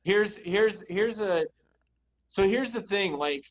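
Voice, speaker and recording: A man's voice: high voice, takes it slowly, highs cut off. Exasperated man telling stories at home. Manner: animated storytelling, exasperated. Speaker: podcast co-host. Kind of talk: casual chat. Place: at home, noisy yard work outside. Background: lawn mowing and sprinkler work.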